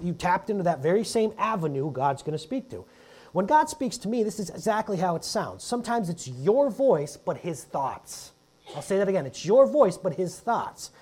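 A man in his thirties delivers a sermon in a relaxed, joking, conversational manner. His pitch swings widely, lifting and dropping for emphasis as he talks to the congregation. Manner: conversational, jokey, animated preaching. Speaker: pastor.

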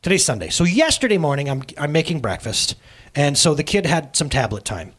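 Animated conversational preacher man. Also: on the high side, a little fast, husky. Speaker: pastor. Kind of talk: sermon.

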